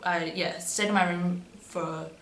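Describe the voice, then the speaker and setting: A woman's voice: lowish voice, steady tone, a little slow, a bit bright. Chatty young woman in an echoey room. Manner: chatty, many "um"s and "but yeah"s. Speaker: vlogger. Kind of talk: casual storytelling to camera. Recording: echoey room with faint hum.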